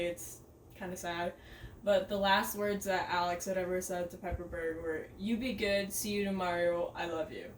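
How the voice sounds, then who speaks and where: A woman's voice: lowish voice, a little hiss or hum. A woman presenting a review, reading aloud with hesitant fillers, recorded from a distance in an echoey room.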